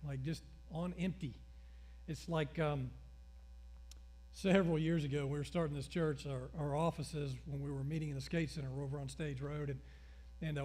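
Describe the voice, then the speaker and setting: A middle-aged male pastor preaching a sermon, telling stories with acted-out dialogue in an animated way. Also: a little high.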